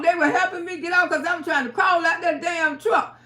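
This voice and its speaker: Woman streamer, high voice, profane and animated, echoey room. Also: brisk. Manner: profane, animated, laughs and cries while telling. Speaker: live-stream host. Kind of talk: storytelling to viewers. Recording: roomy echo.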